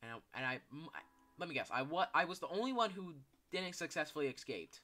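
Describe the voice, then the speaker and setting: Guy streaming a game, kinda high sharp voice, freaks out and cusses a lot, then mumbles and rambles. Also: sing-song, quick pace. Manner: panicky, yelping and swearing at the game; rambling with many fillers and restarts. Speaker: gaming YouTuber. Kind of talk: live gameplay commentary.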